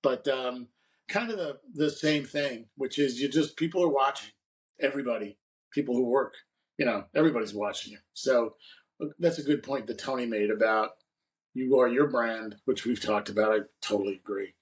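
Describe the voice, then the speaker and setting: A podcast co-host, a man with a medium-pitched voice at normal speed, rambles through anecdotes about his career in a casual chat. The mic is distant and the recording rough.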